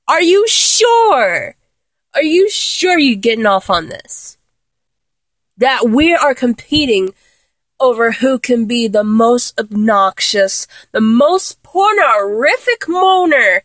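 Teasing, giggly young woman, slow and dry. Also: fairly high pitch, no echo. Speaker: audio role-play performer. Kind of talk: one-sided phone role-play.

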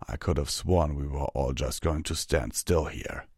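A man's voice: rumbling low, moderate pace, darkish tone, slightly rough, no echo, studio quality, pitched below the performer's own voice, heavily acted. A man voicing a grim, sardonic male stallion warrior in a storybook reading. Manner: growling, sardonic.

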